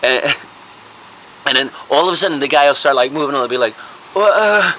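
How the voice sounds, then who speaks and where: A man's voice: mid-range voice, fast talker, bright, forceful tone. A man casually telling a rambling prank idea, chuckling as he goes and tagging lines with "right?". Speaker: comedic storyteller. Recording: slightly muffled with faint hiss.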